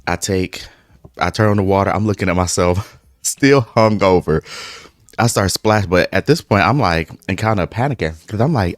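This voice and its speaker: Man vlogger, deep voice, casual profane storyteller mid-meal. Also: normal speed, no room sound, clean studio sound. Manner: speaks through eating breaks. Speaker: mukbang vlogger. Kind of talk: casual storytime while eating.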